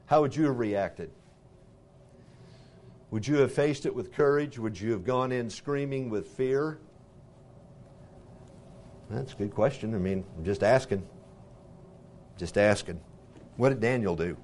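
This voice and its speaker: A man reading scripture aloud and pausing to explain it in a conversational way, asking his listeners questions. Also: mid-range voice, expressive, darkish tone, a little hiss or hum. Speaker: Bible teacher.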